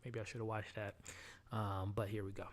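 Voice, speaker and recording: A man's voice: on the low side, level tone, fairly quick. A man hosting a live stream, chatting casually with viewers and sometimes dropping to a murmur. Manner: chatty, talks to chat, restarts and fillers, drops to a murmur. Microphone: headset mic.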